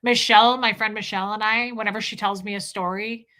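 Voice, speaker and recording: Bright-voiced gushing woman streamer. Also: mid-range voice, fairly even intonation, fast. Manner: gushing and exclamatory, quoting film lines. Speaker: livestream host. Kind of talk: casual livestream chat, reading viewer comments.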